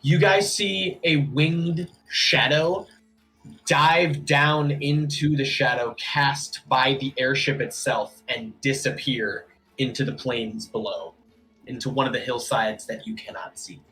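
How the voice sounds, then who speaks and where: A man's voice: mid-range voice, takes it slowly, sharp tone, soft background music, rough recording. A man narrating as game master, casual, with many fillers.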